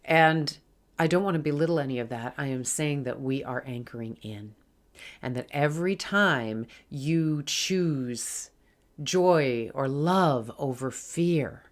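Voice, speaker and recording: A woman talking earnestly to her viewers in a casual spiritual vlog, reassuring them and calling them her friends. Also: low voice. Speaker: spiritual vlogger. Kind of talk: casual spiritual talk to camera.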